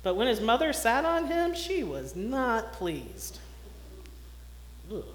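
A woman's voice: on the high side, slow. Woman minister in a roomy hall. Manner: expressive storytelling, plain announcing. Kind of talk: children's story and announcements at a service. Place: church sanctuary. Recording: roomy hall, faint noise.

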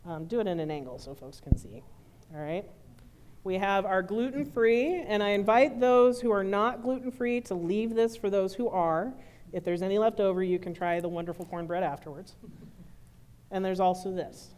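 A woman minister ending a sermon and then guiding her congregation through a bread communion in a relaxed, friendly way. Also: mid-range voice, moderate pace. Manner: warm, informal, directing a congregation. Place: church sanctuary.

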